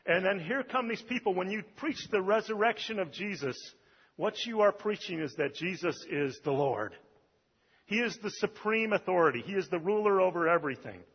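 A male pastor delivers a sermon in a loose, conversational way, pausing on "um" and "uh" between points. His voice sits a little high and has a husky edge. The recording is dull and lo-fi, with the long reverb of a large church hall. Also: animated. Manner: conversational preaching with fillers.

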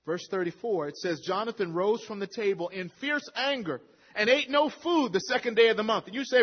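A man's voice: sits high, lively intonation, fairly quick, breathy edge. A man preaching a sermon to a congregation, quoting scripture in a conversational way that builds to emphatic peaks. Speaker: pastor. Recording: lo-fi recording with long hall reverb.

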